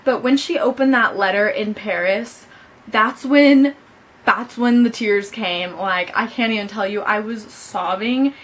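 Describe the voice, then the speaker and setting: A woman's voice: medium pitch, a little slow. A young woman chatting casually about a book she loved, gushing and saying "like" a lot. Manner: gushing, says "like" often. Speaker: book vlogger. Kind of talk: casual book review chat.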